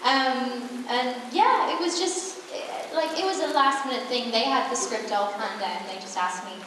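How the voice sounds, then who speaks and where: A woman's voice: a little high, moderate pace, fairly bright tone. A young woman answering fan questions on a convention panel, musing and rambling with lots of fillers. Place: large convention hall. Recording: echoey hall from far off, noisy.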